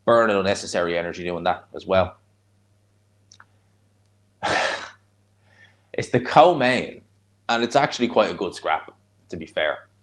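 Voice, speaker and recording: Low-voiced and animated, this Dublin streamer from Ireland keeps a measured pace and pauses often. Hosting a live fight watch-along, he comments casually and answers chat between reactions in a chatty, blunt, rambling style.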